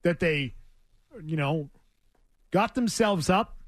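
A man with a high voice hosts a sports talk radio show, pressing his argument with emphatic, needling repetition. The sound is dry and close, with no room around it. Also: lively intonation, slow, no room sound.

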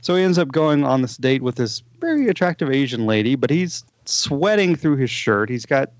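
A man on a podcast, telling the plot of a TV show in a rambling, animated way, with many restarts. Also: mid-range voice, normal speed, dry recording, dull audio. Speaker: podcast co-host. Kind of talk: casual chat, recommending a TV show.

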